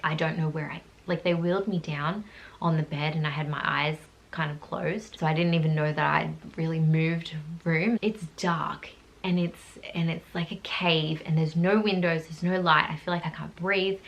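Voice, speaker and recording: Woman, thirties, low voice, vocal fry, casual rambling storytelling. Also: highs cut off. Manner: candid, rambling, lots of "like" asides. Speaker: vlogger telling her birth story.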